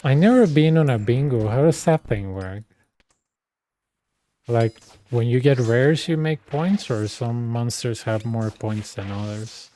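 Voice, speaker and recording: A man with a mellow, darker tone and a middling pitch, chatting casually while he plays a game. He tells rambling stories full of slang and fillers, calling the listener "dude" and "man" as he goes. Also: animated, a little slow. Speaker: streamer. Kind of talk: casual chat while gaming.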